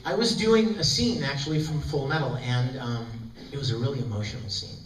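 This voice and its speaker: A man telling jokey, animated stories to a live audience as a convention panel guest, acting out quotes as he goes. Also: mid-range voice, fairly quick. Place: large convention hall. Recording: roomy far-off fan recording, crowd noise. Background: audience laughter and hall ambience.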